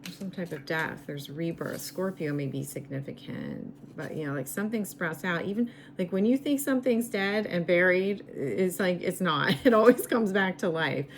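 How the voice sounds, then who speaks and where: Woman doing a tarot reading, low raspy voice, slow and musing, noisy background. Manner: slow, musing, repeats herself. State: losing her voice, raspy. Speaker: tarot reader.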